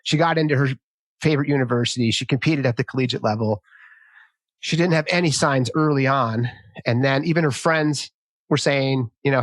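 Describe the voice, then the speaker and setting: Hosting a podcast interview, a man in his fifties talks fairly quickly in a medium-pitched voice with no room sound. His manner is casual and lively, and he delivers quotes in a raised, acted-out voice.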